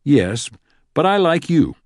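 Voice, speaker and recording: A man voicing a gruff, sarcastic FBI supervisor in an audiobook, brisk and clipped. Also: medium pitch, big pitch swings, a little mellow, dry recording, studio quality, voice pushed up. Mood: sardonic. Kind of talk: audiobook character voice.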